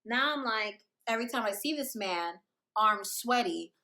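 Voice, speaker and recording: Young woman vlogger, dramatic slangy storytelling, bright high voice. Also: animated, moderate pace. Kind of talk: storytime vlog.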